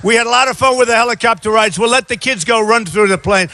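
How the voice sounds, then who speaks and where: A man in his sixties giving an off-the-cuff campaign rally speech outdoors, rambling and repetitive, often shouting to a crowd. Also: extremely high pitch, quick pace, no echo. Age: 60s. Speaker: presidential candidate.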